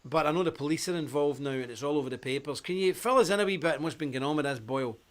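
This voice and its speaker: A talkative man with a broad Ulster accent runs a live stream, joking and calling out to his viewers one by one. His voice sits a touch high for a man, and he keeps the patter casual and warm-humoured. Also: fast talker. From Northern Ireland. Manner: chatty, jokey, greeting viewers by name. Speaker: host. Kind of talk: casual livestream chat.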